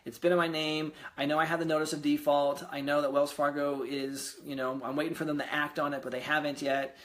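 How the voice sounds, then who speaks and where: Young man, somewhat high voice, rambling casual vlog talk, lots of ums. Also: level tone, brisk, fairly bright tone. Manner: chatty, rambling, many fillers and restarts. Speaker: real estate investor vlogger. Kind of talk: casual screen-recorded vlog.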